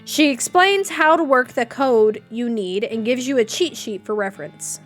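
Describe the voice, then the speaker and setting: High-voiced woman streamer reading game text. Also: animated, normal speed, soft background music. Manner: playful, wry asides. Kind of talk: reading game text aloud and chatting with viewers.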